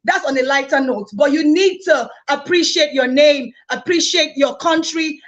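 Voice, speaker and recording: A woman's voice: sits high, moderate pace, hardly any pauses. A woman hosting a live-streamed conference with exuberant energy, hyping the crowd and repeating phrases. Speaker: conference host. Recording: dull lo-fi sound.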